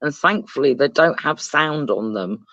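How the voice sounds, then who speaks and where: A woman's voice: low voice, lively intonation, fairly bright tone, no echo, highs cut off. A woman with a southern English accent, calling in from outside a school to chat playfully on a live stream. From England. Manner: playful and chatty, quick asides. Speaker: guest caller. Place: outdoors by a school, in a bush.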